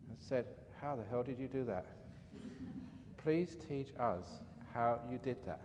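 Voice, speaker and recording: A man, a monk, giving a dharma talk as an animated, chatty storyteller. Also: medium pitch. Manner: animated, chatty storyteller with frequent "you know". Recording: reverberant hall, faint background noise.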